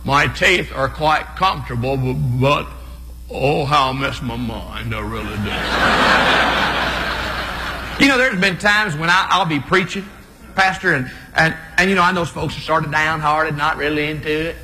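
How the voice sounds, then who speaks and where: A man doing energetic stand-up comedy, stammering and laughing at his own jokes. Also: on the high side, measured pace, slight background noise. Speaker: comedian and preacher. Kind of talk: live stand-up comedy with impressions. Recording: long hall reverb, faint ambience.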